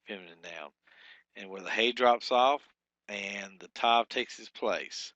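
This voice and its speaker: A man teaching a language lesson, speaking haltingly with many fillers and restarts. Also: on the low side, fairly bright tone, no echo, muffled recording. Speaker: Hebrew teacher. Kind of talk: lecture with slides.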